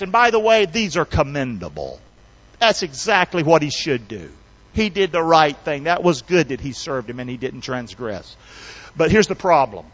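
A high-voiced man preaches in an animated way, calling for the congregation to repeat phrases with him. His delivery swings from loud and urgent to low and confiding, and the lo-fi recording is slightly dull. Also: normal speed. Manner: animated call-and-response preaching. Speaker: pastor. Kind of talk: sermon.

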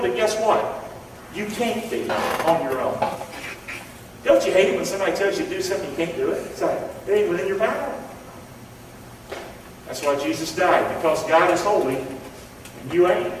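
A Southern-accented male preacher delivers an impassioned, folksy sermon, calling out to his congregation for responses. His voice sits high for a man. It rings through a big reverberant church hall, picked up from a distance with a faint hum of ambience behind it. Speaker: pastor. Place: church sanctuary. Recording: echoey hall, mic far off.

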